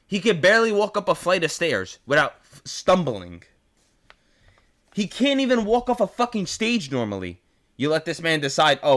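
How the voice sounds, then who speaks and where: A young man with a New York accent rants to his audience, swearing and repeating himself in disbelief. His voice sits fairly high for a man and swings widely in pitch as he works himself up. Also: a bit bright. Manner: incredulous, swearing, repetitive rant. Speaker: host. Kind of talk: profane ranting commentary.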